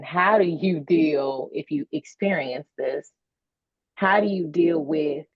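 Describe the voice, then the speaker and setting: A woman's voice: low voice, dry recording, highs cut off. A woman moderating a webinar conversation, telling her story candidly and emotionally, with colloquial asides. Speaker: panel moderator.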